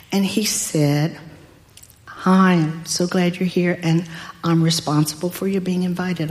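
An older woman telling a personal story in a deliberate, wry way. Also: fairly low pitch, darkish tone. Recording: long hall reverb.

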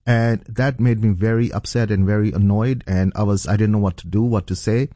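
A man's voice: lowish voice, steady tone, a little fast, warm tone, no echo, clean studio sound. A middle-aged man from Pakistan, a pastor, earnestly telling his personal testimony as an interview guest. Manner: earnest, storytelling.

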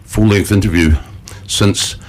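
A man's voice: on the low side, steady tone, a little slow. A man, hosting a casual radio chat, chatty and joking, laughing often. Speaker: radio host.

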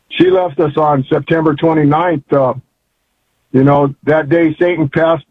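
An older male caller talks in a rambling, folksy way and gets fervent as he goes. His voice sits fairly high and is a bit husky. It comes over a tinny, dry phone line. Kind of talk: phone-in chat.

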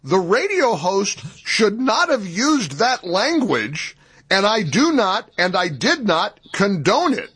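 A man co-hosting a talk radio show, incredulous and animated, often breaking into laughter. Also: high-pitched, slow, breathy edge. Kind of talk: casual on-air banter.

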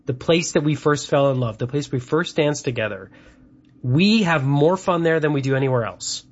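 Male host, casual chat, husky, filler-heavy, muffled audio. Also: on the high side, moderate pace. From Canada. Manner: chatty, rambling with fillers. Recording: dull lo-fi sound.

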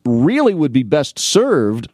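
A man's voice: medium pitch, wildly swooping pitch, slow pace, a little mellow, no echo, studio quality. A middle-aged man from the Midwest United States, an academic advisor, tells rambling anecdotes in a casual monologue and acts out both sides of the conversations.

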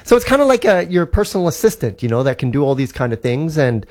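A man's voice: on the high side, big pitch swings, a little mellow. Upbeat Canadian man explaining tech. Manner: enthusiastic, talks fast with many fillers and restarts. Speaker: tech columnist guest. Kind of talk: casual radio tech chat.

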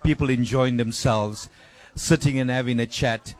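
A man's voice: mid-range voice, steady tone, normal speed, darkish tone. A man answering an interview question in a casual, rambling way, filling his sentences with "you know". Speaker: guest.

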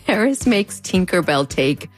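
A woman's voice: fairly low pitch, very animated, a little slow, faint music behind. A woman with a US-Mexico border accent narrating a video essay in a conversational, wry way. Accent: US-Mexico border Spanish-tinged English. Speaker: host.

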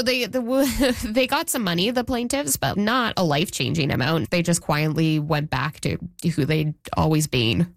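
A woman journalist speaks in a slightly low voice, recounting events casually. She restarts her sentences often and slips into quoted speech. The recording is dry and close. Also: no room sound. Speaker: journalist guest. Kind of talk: interview conversation.

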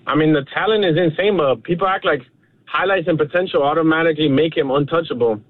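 A man's voice: a little high, fast. A man calling in to a sports radio show, arguing his opinion confidently. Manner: argumentative, confident. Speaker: caller. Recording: tinny phone line.

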